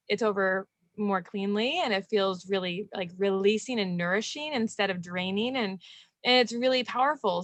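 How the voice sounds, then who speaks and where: A woman hosting a video interview, speaking candidly in a loose, animated way and laughing often. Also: a little high, no echo. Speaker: podcast host and relationship coach. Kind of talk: casual video interview chat.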